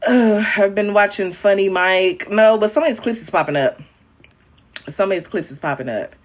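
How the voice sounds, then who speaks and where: A young man chatting casually on a livestream, frank and profane, calling viewers honey and babe, his voice jumping up and down in pitch and loudness. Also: moderate pace. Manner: talks directly to viewers, calling them honey, babe and queen. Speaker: livestreaming social media creator.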